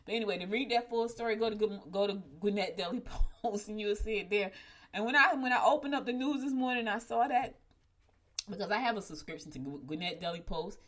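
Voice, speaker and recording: A woman's voice: mid-range voice, fairly quick, fairly bright tone. Woman host, casual storyteller, talks straight to viewers, laughs through it. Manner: chatty, addresses listeners as y'all, laughs while telling. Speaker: show host.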